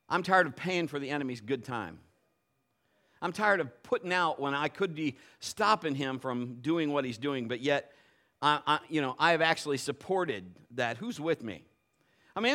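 A middle-aged male pastor preaching a sermon in a lively, conversational way, acting out little quotes. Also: on the high side.

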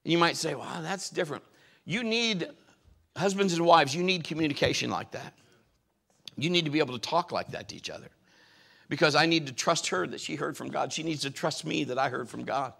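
A middle-aged man preaching from the pulpit, his voice gravelly and sitting a little high for a man. He tells personal stories between his points and pushes the important lines out with loud, forceful emphasis. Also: animated, brisk. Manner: emphatic, swells loudly on key points. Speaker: pastor. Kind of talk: sermon with personal storytelling.

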